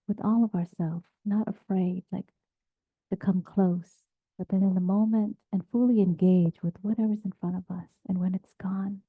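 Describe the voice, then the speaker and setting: A woman meditation teacher giving a dharma talk in a gentle, halting way, often dropping to a near-whisper. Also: medium pitch, breathy edge, no echo. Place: meditation group session, also on video call. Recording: tinny phone-like sound.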